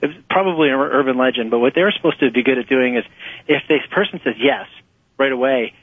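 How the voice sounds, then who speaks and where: A man with a husky, slightly rough voice talks through his ideas in a loose, animated way, laughing easily and jumping into little acted-out quotes. The sound is dry and tinny, like a phone line. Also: mid-range voice, quick pace, no echo. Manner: animated, laughs often, acts out quotes in a raised voice. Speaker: author and nonprofit fundraising guest. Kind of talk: conversational interview answers. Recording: muffled phone-line audio.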